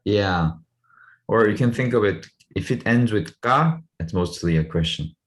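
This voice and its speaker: A man's voice: low-pitched, normal speed, low-quality recording. A man teaching a group language lesson over a video call, patiently drilling phrases aloud for learners to repeat.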